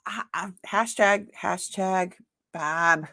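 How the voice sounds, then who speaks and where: Live sale host, woman, Boston accent, slow and chatty. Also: mid-range voice. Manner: chatty, talks to herself while working the screen; excited squeals when announcing a winner. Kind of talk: live-stream chat.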